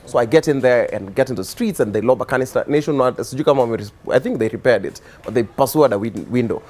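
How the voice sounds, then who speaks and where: A man's voice: medium pitch, fast. Young Kenyan man, rambling storyteller. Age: young adult. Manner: rambling, relaxed storytelling with many fillers. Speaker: guest, activist and musician. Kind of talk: casual interview storytelling.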